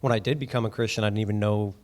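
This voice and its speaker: A man telling his personal faith story in an interview, speaking softly and hesitantly. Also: fairly low pitch, steady tone, rapid-fire.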